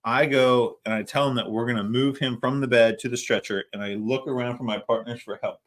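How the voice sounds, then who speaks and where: A man's voice: medium pitch, steady tone, brisk. A middle-aged man, a paramedic co-hosting a podcast, telling a story in a laid-back, casual way and swearing freely. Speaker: podcast co-host.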